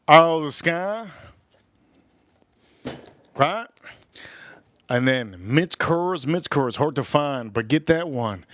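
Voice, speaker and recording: A man's voice: on the high side, expressive, slow pace, pauses often, a bit bright, no room sound. A jet-lagged man hosting a casual livestream, repeating himself, swearing loosely and calling out to viewers. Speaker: livestream host.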